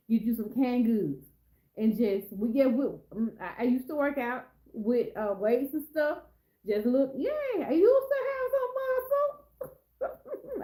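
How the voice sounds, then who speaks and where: A woman's voice: on the high side, mellow, reverberant, rough recording. A middle-aged woman hosting a casual live stream, chatty and rambling as she talks straight to her viewers.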